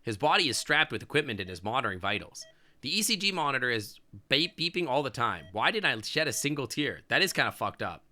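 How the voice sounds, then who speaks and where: A male streamer with a very bright, piercing tone reads a visual novel aloud. He breaks off constantly for crude, outspoken wisecracks. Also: mid-range voice, sing-song, quick pace. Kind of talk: reading a visual novel aloud with live reactions.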